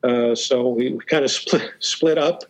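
The audio is poor, but the man's medium-pitched voice comes through steady and a little slow. He's a podcast guest in a casual storytelling interview, hesitating, restarting and using fillers often, with an occasional chuckle.

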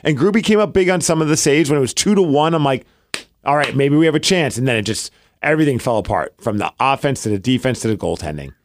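Animated man, sports podcast co-host. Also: mid-range voice, fast talker, slight background noise. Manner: animated, emphatic, repeats "you know what I mean". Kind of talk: casual sports chat.

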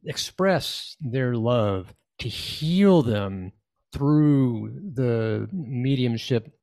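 A man's voice: mid-range voice, animated, drawn-out words, darkish tone. Reflective man, hesitant and thoughtful. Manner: reflective, hesitant, thinking aloud. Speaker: spiritual medium, guest. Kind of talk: conversational interview.

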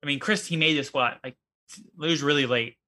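A man co-hosting a casual podcast, retelling funny moments in an animated way. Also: fairly high pitch, brisk. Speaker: podcast co-host. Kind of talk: casual chat.

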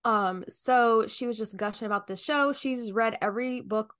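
A woman co-hosts a podcast, chatting casually and telling stories in an animated way, with big exclamations. Her voice sits on the high side and moves at normal speed.

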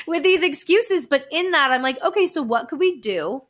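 A woman's voice: sits high, lively intonation, normal speed, a crowd in the background. A woman in her thirties, a podcast guest, talking openly and with animation, often laughing. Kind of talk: candid personal storytelling.

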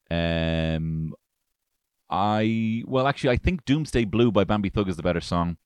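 A man's voice: low voice, clean tone, dry recording, studio quality. An Irish man hosting a podcast in casual chat, irreverent and profane, rambling through jokey asides. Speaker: podcast host.

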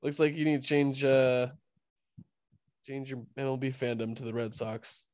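A man's voice: medium pitch, fairly even intonation, moderate pace, darkish tone, no room sound. A man with a cold hosting a casual sports podcast, laughing often and rambling with restarts. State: fighting a cold. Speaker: podcast host.

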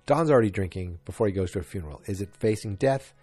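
A man's voice: lowish voice, lively intonation, fast, warm tone, slightly rough, no room sound. A man recapping a TV episode in casual chat, rambling with lots of fillers and voicing the characters, close on a dry mic. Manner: rambling, with many fillers and quoted voices. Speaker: show recapper.

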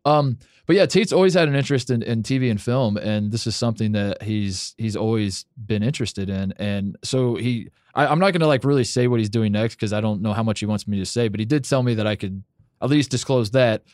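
Man, podcast host, low voice, dry close sound, loose rambling delivery with restarts. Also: a little fast, a little mellow, no room sound. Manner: rambling, many restarts, swears casually. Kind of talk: casual podcast chat.

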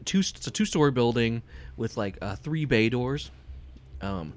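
A man's voice: medium pitch, animated, measured pace, darkish tone. A man narrating a tabletop game as game master, rambling with many fillers. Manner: rambling, full of fillers, laughs often.

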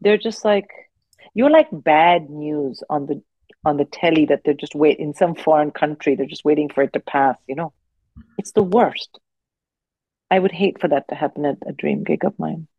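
A woman in her forties, a guest comedian telling animated stories in casual podcast chat. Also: deep voice, moderate pace, breathy edge, no echo, highs cut off. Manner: animated, expressive anecdotes with frequent restarts.

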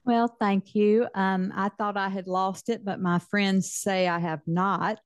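An older woman with a Mississippi Southern accent, an author guest telling stories in a relaxed interview. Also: medium pitch, measured pace, no room sound, clean studio sound. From Mississippi, US Deep South. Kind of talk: casual interview chat.

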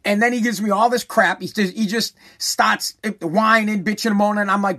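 A man's voice: sits high, moderate pace, fairly bright tone. A man in his forties, a talk host telling a rambling, profane, repetitive story in a casual monologue. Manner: rambling, profane, repeats himself, emphatic.

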